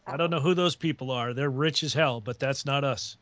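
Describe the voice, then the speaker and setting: A man's voice: medium pitch, moderate pace, fairly bright tone, dry recording. A man on a radio talk show, telling a rambling story in a casual way and chuckling often.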